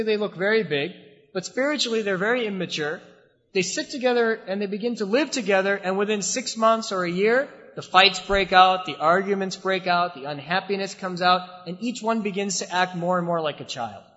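A high-pitched man preaching a sermon, building his points through repetition and rhetorical questions. His voice carries a long reverb from a large mosque hall. The recording sounds slightly muffled. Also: fairly bright tone.

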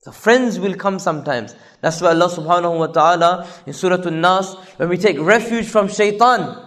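A man's voice: sits high, moderate pace, few pauses, a bit bright. A male preacher giving a sermon, emphatic and repetitive, driving points home with rhetorical questions.

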